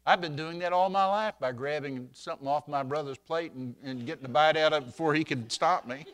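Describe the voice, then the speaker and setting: An older man preaches with a folksy, storytelling warmth to his delivery, his voice bright and ringing. He sits a little higher than most men and swells loud whenever he quotes scripture. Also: brisk. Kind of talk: sermon.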